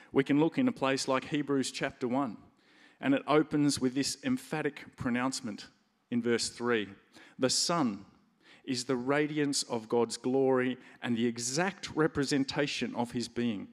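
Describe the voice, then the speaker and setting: Male pastor, mid-pitched, conversational sermon delivery with punchy stresses, reverberant hall. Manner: conversational preaching, lively stresses.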